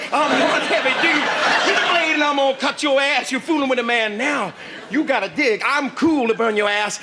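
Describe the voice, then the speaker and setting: A man's voice: very high voice, pushed and bright, a little hiss or hum, exaggerated voice. An actor playing a cocky male street mugger who boasts and threatens in slang. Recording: studio audience, live broadcast.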